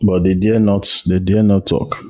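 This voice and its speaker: Deep-voiced Nigerian host. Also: male voice, flat delivery, measured pace, warm tone. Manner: short interjections, drops into pidgin. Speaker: podcast host. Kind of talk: casual podcast chat. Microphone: remote call.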